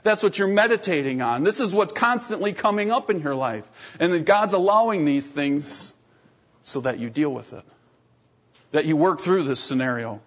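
A man in his thirties preaching a sermon as a pastor, telling lively stories with self-deprecating humor and often clearing his throat. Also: fairly high pitch, moderate pace. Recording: dull lo-fi sermon recording.

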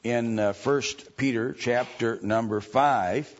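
Slow, halting male Bible teacher. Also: medium pitch. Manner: slow and halting, many ums and restarts. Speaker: preacher. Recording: dull lo-fi recording.

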